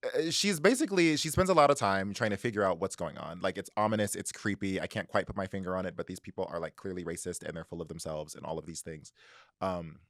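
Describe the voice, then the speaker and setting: A man with a fairly low voice co-hosts a casual book podcast, walking through a plot with animated storytelling. His voice sounds close and dry, with no room around it. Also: fast talker, no echo. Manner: animated storytelling, acting out characters' lines. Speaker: podcast co-host.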